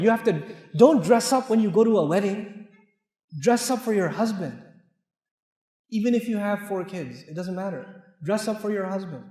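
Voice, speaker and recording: A man with an American accent preaching a joking, direct sermon to families. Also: high-pitched. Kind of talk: humorous sermon. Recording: echoey hall with long reverb.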